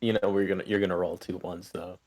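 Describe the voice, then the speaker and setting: Low-voiced young man running a tabletop game. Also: level tone, quick pace, darkish tone. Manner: loose, rambling narration with many fillers. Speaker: game master.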